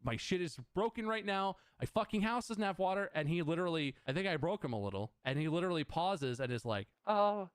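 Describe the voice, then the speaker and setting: A man telling a story on a livestream, animated and swearing freely, acting out both sides of conversations. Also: on the high side, fast, hardly any pauses, clean tone, dry recording. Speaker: streamer.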